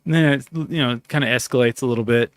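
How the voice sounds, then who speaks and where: A man's voice: mid-range voice, quick pace, no echo. Rambling, cussing man telling a story. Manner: rambling, profane, acts out his own dialogue. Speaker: podcast host. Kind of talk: casual storytelling chat.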